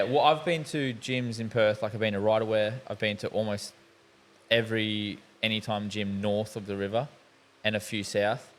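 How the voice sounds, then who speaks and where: A young man, hosting a podcast and telling rambling, sweary stories in casual chat. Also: lowish voice. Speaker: podcast host.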